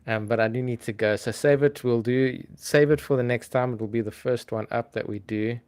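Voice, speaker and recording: A man hosting a casual livestream, talking to his chat in a relaxed, chatty way with frequent ums. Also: medium pitch, brisk, clean tone. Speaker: livestream host.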